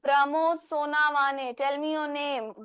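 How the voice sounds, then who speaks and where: A woman's voice: sits high, steady tone, racing, fairly bright tone. A woman with an Indian accent teaching an online class, explaining patiently in simple repetitions. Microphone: video call.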